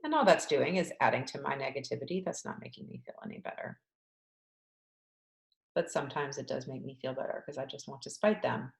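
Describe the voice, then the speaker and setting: Low-voiced woman leading a tapping session. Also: animated, fairly quick, creaky. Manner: candid, talks through her frustration in repeated tapping phrases. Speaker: EFT tapping coach. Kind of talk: guided tapping session, talking through her feelings. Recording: echoey room.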